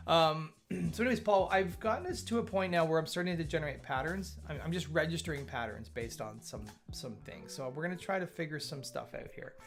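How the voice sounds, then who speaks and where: A man's voice: a little high, vocal fry. A man hosting a live coding stream, chatting casually and thinking aloud, often stammering and repeating words. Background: faint chill background music.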